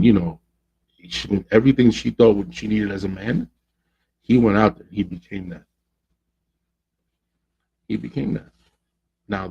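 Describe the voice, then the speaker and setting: Male podcast host, gravelly and low, casual slangy storyteller, dull lo-fi audio. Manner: animated, slangy, acts out quoted voices.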